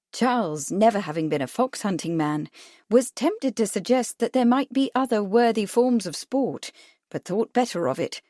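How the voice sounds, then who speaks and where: Woman reading a mystery audiobook, steady, middle pitch, dry close mic. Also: moderate pace, dry recording. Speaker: audiobook narrator. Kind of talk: audiobook narration.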